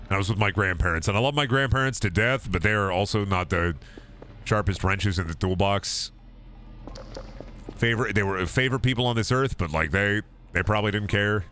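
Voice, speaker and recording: A young man streaming a game, rambling in a self-mocking way and swinging into loud mock outrage. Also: on the low side, fairly quick, slight background noise. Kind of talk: casual gaming stream chatter.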